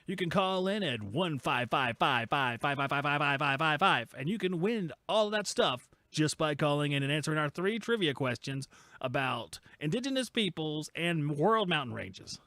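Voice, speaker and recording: A man's voice: on the high side, animated, normal speed, pushed and bright, dry recording. A man doing a showy male radio announcer who hypes a call-in contest. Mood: hyped. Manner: showy, salesy delivery.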